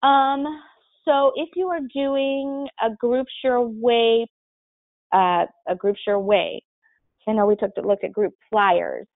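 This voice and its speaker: A woman presenter walks through her answers in a clear, helpful manner. Her voice reaches us over a tinny, phone-like line. The sound is dry, with no room around it. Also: on the high side, slow pace, no room sound. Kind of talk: webinar Q&A explanation.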